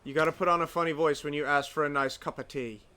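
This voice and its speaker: A man's voice: a little high, steady tone, quick pace, pushed and bright, smooth. A man hosting a livestream, chatting casually and teasing his friends. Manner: joking, teasing. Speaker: streamer host.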